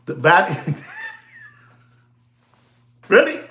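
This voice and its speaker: A man's voice: medium pitch, animated, moderate pace. A man casually talking watches and the gold market to his viewers, rambling and repetitive, dropping "you know" and bits of Spanish slang. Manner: chatty, repeats phrases, many "you know"s, slips into Spanish slang; hypes and jokes with the audience, calls them "ladies and gentlemen". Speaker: watch dealer and market commentator. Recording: roomy echo.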